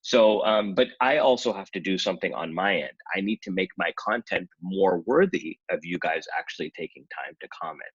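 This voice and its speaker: Low husky man, rambling casual vlog. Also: fairly quick, hardly any pauses, dry recording, muffled recording. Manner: rambling, chatty, self-correcting. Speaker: YouTuber talking about affiliate marketing. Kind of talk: casual screen-share vlog.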